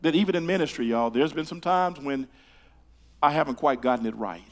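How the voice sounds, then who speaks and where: An older man preaching a sermon in a church, talking to the congregation in a conversational way, with stammered repeated starts that swing from hushed to loud. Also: a little high, fairly quick. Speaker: pastor. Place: church sanctuary.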